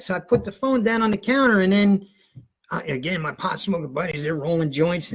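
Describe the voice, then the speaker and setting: Speaking briskly in a high, husky voice, this fifty-something podcast guest rambles through a comic story. He's animated, performing the voices of the people he describes.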